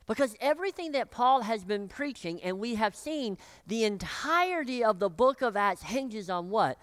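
A pastor preaching a sermon, acting out the voices of the people in the story, choked up and clearing their throat. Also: mid-range voice, normal speed, hardly any pauses, dry recording. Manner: animated, acts out voices of biblical figures.

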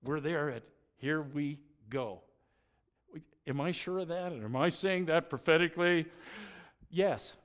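Middle-aged man, pastor delivering a sermon; slightly higher voice, chatty and lively, acts out stories. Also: smooth. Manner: conversational, animated storytelling with acted-out exclamations.

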